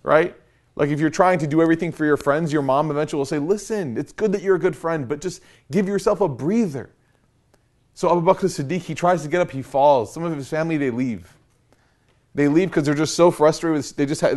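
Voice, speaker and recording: A young man giving a casual storytelling lecture, animated and conversational with slangy asides. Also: a little high, rapid-fire. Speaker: preacher.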